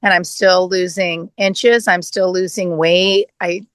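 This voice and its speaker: A woman's voice: lowish voice, fairly even intonation, slow pace, no echo. A middle-aged woman client sharing a heartfelt, rambling testimonial in a casual interview.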